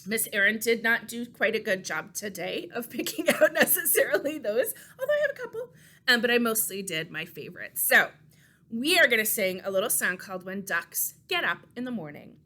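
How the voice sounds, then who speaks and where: A young adult woman, a children's librarian leading a baby storytime with songs and puppets, gentle and playful in a sing-song way. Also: fairly high pitch, very animated, a little fast.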